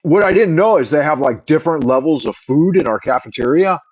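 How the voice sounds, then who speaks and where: A man's voice: on the high side, animated, a little fast, darkish tone, muffled recording. Rambling profane Californian man. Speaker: livestream host. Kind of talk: casual livestream chat.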